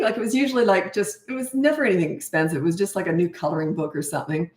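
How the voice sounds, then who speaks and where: A woman's voice: mid-range voice, steady tone, very fast, few pauses, roomy sound. An older woman, a parenting coach, chatting and telling stories while answering questions live. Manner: chatty storytelling, acts out voices in anecdotes. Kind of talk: live Q&A chat.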